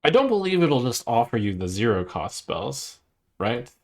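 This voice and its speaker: A man's voice: mid-range voice, sing-song, normal speed. A man streaming a card game, thinking aloud as he weighs each play and second-guesses himself. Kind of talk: casual gameplay commentary.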